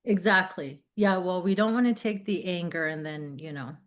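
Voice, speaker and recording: A woman's voice: on the low side, moderate pace. A woman guest on a podcast, telling a personal story in casual conversation, acting out quoted dialogue and using many fillers like "you know" and "like".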